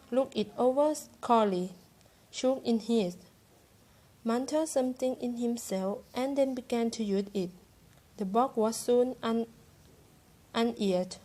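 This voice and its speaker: Woman, Thai accent, slow, slightly high voice, halting reading, self-corrections. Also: a little mellow. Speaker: student reader. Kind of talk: reading a novel chapter aloud.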